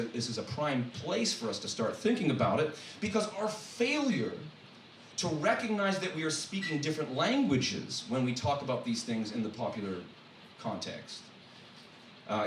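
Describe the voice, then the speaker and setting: A man, a guest speaker and college professor, giving a humorous sermon-style talk in a church, animated and full of joking asides. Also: a little high. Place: church hall. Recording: echoey hall from far off, faint noise.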